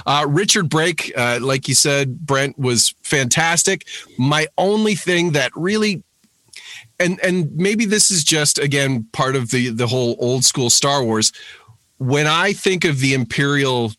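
A man's voice: a little high, unhurried, fairly bright tone, no room sound. A man chatting on a podcast, rambling enthusiastically with frequent restarts. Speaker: podcast panelist. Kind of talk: casual podcast chat.

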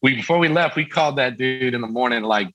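Speaking quickly at a medium pitch, a middle-aged man who's a guest from a band relates a story in casual conversation. He's lively and acts out quoted voices. The sound is lo-fi.

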